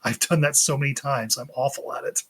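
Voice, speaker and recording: A podcast co-host in casual chat, relaxed and a bit hesitant, with many fillers. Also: mid-range voice, brisk, slightly rough.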